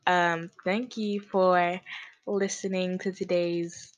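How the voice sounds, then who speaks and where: A woman's voice: lowish voice, little pitch movement, slow pace, low-quality recording. A woman hosting her own podcast, rambling casually in slangy, self-mocking talk. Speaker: podcast host.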